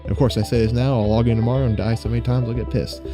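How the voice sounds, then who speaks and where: A young man hosting his own podcast, chatting casually and excitably, rambling and swearing freely. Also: mid-range voice, rapid-fire, music in the background. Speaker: podcast host. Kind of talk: casual solo podcast chat.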